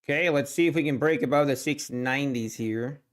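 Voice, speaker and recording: Male livestream host, medium pitch, laid-back running commentary that trails off and restarts. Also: a little fast. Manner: relaxed, thinks aloud, trails off and restarts. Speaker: day trading livestream host. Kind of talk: casual live market commentary.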